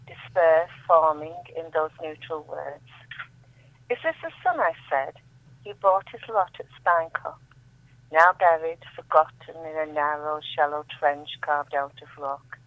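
A woman's voice: sits low, no room sound. A woman reading her own poetry aloud as a radio guest, reciting with emotion and rising repeated refrains. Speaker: guest poet on a phone-in. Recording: tinny dry phone line.

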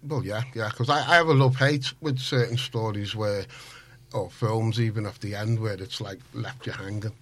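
A man, a guest author telling stories in a casual radio interview, full of restarts and animated asides. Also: on the low side, moderate pace. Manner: animated, rambling storyteller with many restarts. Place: radio studio.

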